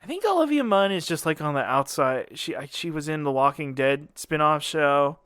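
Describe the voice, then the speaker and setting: Man, podcast co-host, casual comedic banter, bright crisp voice, slightly high. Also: lively intonation, normal speed, no echo, studio quality. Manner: joking, rambling, laughs often.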